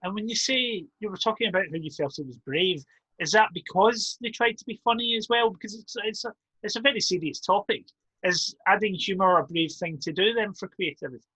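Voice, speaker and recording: A man puts polite, measured questions to his guest. His voice is slightly high for a man and husky, and it sounds dry and close, with no room echo. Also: bright, forceful tone. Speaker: interviewer. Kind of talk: interview questions.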